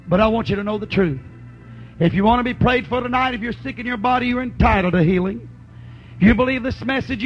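A man's voice: high-pitched, dull audio. A man preaching a fervent sermon with an altar call, calling out to the congregation.

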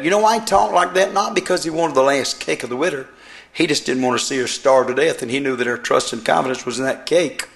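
A middle-aged man preaching a sermon in a church, swinging from loud emphatic declarations to quiet asides. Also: medium pitch. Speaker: pastor.

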